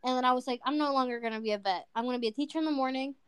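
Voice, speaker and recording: A woman in her twenties speaks as a guest in a casual chat, candid and playful. Her voice is high and smooth. The sound is close and dry. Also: very fast, dry recording. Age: 20s. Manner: candid, playful, laughs easily.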